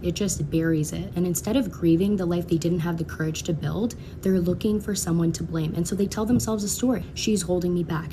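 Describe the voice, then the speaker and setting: Woman, fairly low voice, frank casual opinion talk, quick asides, noisy clip. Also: mellow. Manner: frank, conversational, hedges with asides. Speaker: social media creator. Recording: clip with noticeable noise.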